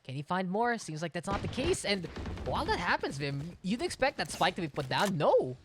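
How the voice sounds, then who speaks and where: Excitable female esports caster, noisy feed. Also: fairly low pitch, moderate pace. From Philippines. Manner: excitable, shouts during big plays. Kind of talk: esports play-by-play commentary.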